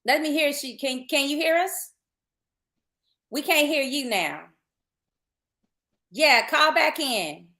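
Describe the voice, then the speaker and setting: A woman's voice: high-pitched, expressive, slow pace, pauses often, bright, forceful tone. A woman hosting a podcast, chatting casually and promoting an event in an upbeat way. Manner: chatty, upbeat, loose restarts. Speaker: podcast host. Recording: roomy echoey sound.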